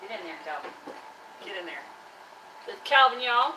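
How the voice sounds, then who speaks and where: A woman's voice: on the high side, a little fast, pushed and bright, a little hiss or hum, low-quality recording. A woman chatting casually on a live stream from her workshop, teasing and scolding her trash can like a buddy. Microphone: live-stream camera mic.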